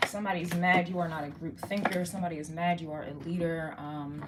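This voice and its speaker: A woman's voice: lowish voice, steady tone, fast, very noisy. A woman giving a casual tarot reading, slangy and swearing, talking straight to the viewer. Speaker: tarot reader.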